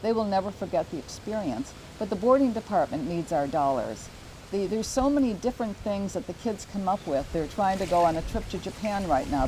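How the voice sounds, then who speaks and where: Warm-toned older woman host. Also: on the low side, slight background noise, poor audio. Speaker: real estate show host. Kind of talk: casual promotional chat.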